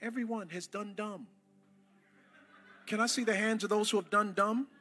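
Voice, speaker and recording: A man preaching a sermon to a church congregation, impassioned, rising to shouts and calling on the crowd to answer. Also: high voice, steady tone, normal speed, husky. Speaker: pastor.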